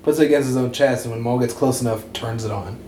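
Animated man retelling comic plots. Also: mid-range voice, quick pace, roomy sound, a little hiss or hum. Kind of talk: casual geeky chat.

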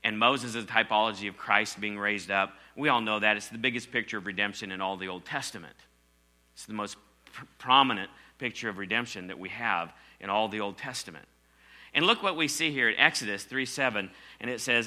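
A man preaching a sermon, emphatic, calling on the congregation and dropping from loud exclamations to near whispers. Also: fairly low pitch, a little fast. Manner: asks the congregation to respond.

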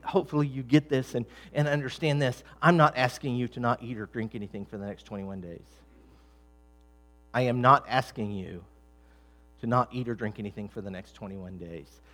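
With a mid-range voice, this middle-aged male pastor preaches in a conversational style, often restarting and repeating words, then rising to louder, emphatic high points.

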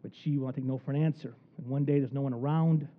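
A man preaching a sermon in an animated storytelling manner, acting out the people in the story. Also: mid-range voice, fast. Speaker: pastor. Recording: tinny phone-like recording.

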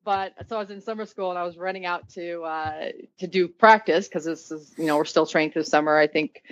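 A woman telling an animated story in casual chat, swearing a lot and laughing often. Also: lowish voice, brisk, no echo. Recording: dull, dry sound.

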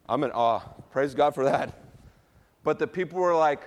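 A man preaching a sermon to his church, drawing the congregation into call-and-response and moving between soft, low passages and loud ones. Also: moderate pace. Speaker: pastor.

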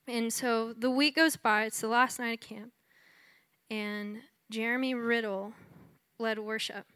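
A woman's voice: on the high side, fairly even intonation, measured pace, fairly bright tone, smooth, no echo. A woman from Texas giving a conversational testimony in a sermon, telling her story with lots of "like" and "you know". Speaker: speaker sharing her testimony.

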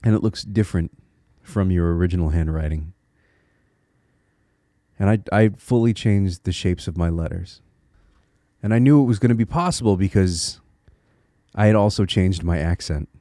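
Guy with a low mellow voice doing a solo podcast, earnest and encouraging, restarts a bit as he thinks, dry close sound. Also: normal speed, pauses often, no echo. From Connecticut, USA. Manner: thinks aloud with small restarts. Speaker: podcast host.

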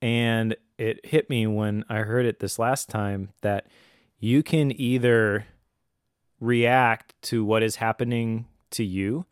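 A man's voice: lowish voice, takes it slowly, clear, resonant tone, no echo, clean studio sound. A man co-hosting a faith and family podcast, talking casually and telling stories with easy laughs. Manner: relaxed storyteller, laughs easily. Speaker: podcast co-host.

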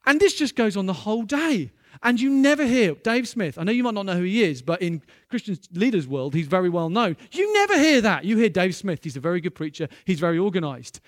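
High-voiced preacher, dry close sound. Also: male voice, fast talker, hardly any pauses, dry recording. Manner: lively storytelling with bursts of loud excitement. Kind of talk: sermon.

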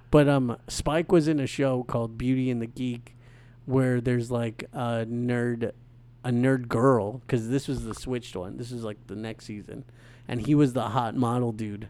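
A man's voice: mid-range voice, steady tone, darkish tone. Wry man trading movie trivia. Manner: wry, quick with trivia, often laughing. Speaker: podcast co-host. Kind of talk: casual movie podcast chat.

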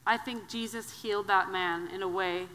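Woman preaching in her thirties, chatty storyteller, bright voice, church hall echo. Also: medium pitch, moderate pace. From Wisconsin. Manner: conversational, animated storytelling. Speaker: guest preacher. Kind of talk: sermon with personal storytelling. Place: church sanctuary. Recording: long hall reverb.

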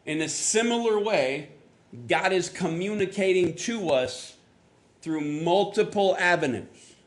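Casting: male pastor from Florida, fairly high pitch, chatty sermon delivery that acts out little sounds and voices. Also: animated, unhurried. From Florida, US South. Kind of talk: conversational sermon.

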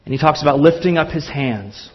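A man's voice: fairly high pitch, lively intonation, fairly quick, lo-fi sound. A man preaching a sermon in church, earnest and impassioned, with emphatic repetition. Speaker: pastor.

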